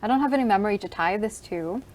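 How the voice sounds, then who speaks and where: A woman's voice: medium pitch, expressive, very fast, darkish tone, slight background noise. A woman hosting a radio show, chatting through a film review with gushing enthusiasm and lots of "like"s. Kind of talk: casual film review chat.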